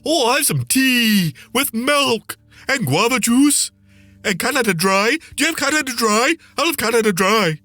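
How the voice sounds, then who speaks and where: A man mocking a fussy, gushing airline passenger in a high, breathless voice. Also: expressive, moderate pace, bright, forceful tone, dry recording, soft background music, heavily acted.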